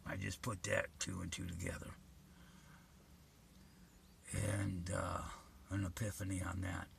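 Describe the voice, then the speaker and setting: A man's voice: sits low, sing-song, a little slow, gravelly, slight background noise. An older man telling a vivid, profane personal story in an earnest way.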